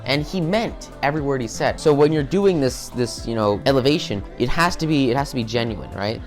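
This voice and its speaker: A man teaching business skills in a loose, conversational way, circling back and repeating words as he goes. His voice sits at an ordinary middle pitch. Faint music plays softly underneath. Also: expressive, fairly quick, few pauses. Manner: conversational, many fillers and repetitions. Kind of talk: casual recorded lecture.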